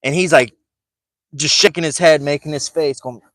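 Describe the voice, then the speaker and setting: Chatty man, fairly high voice. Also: moderate pace, a bit bright, dry recording. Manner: rambling, chatty, laughs through his story. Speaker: fishing vlogger. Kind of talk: casual storytelling to camera. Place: outdoors on a fishing boat.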